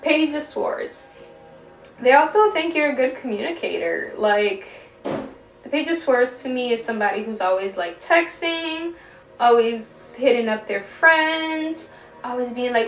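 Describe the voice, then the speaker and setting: A young woman with a fairly high voice gives a casual tarot reading, chatty and giggly, swearing lightly and stretching words for emphasis. She sits a little back from the mic in an echoey room at home. Faint music plays behind her. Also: animated, measured pace, recorded from a distance. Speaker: tarot reader.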